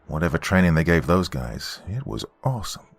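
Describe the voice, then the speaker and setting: A man narrating a horror story in an expressive, scripted storytelling manner. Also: deep voice, fairly quick, dry recording.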